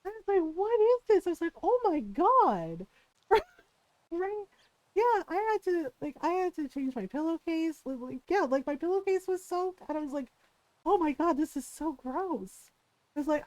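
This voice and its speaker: A woman's voice: extremely high pitch, sing-song, measured pace, a little mellow, no echo, poor audio. A middle-aged woman streamer in casual chat, telling a story with frequent laughter. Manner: chatty storytelling, laughs often.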